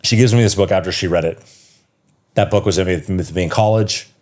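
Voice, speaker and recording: A man's voice: sits low, brisk, a little mellow. A man in his thirties, a yoga teacher and coach, talking as a podcast guest, telling a personal story with passion and plenty of swearing. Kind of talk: casual podcast conversation.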